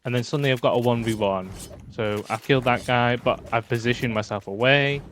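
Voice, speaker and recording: A man's voice: mid-range voice, a little fast, a bit bright, a little hiss or hum. A man giving casual, chatty tips while talking over his own gameplay footage, full of fillers.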